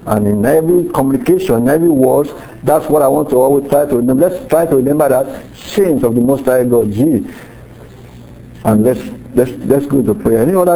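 A man's voice: a little high, dark tone, slight background noise, rough recording. A middle-aged man preaching a sermon in a conversational way, acting out little quoted exchanges as he teaches. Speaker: pastor.

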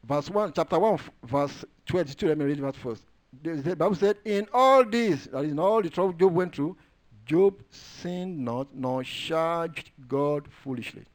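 A man preaches a sermon, reading and quoting scripture. He alternates between hushed, low asides and loud, raised declarations, drawing out certain words for emphasis.

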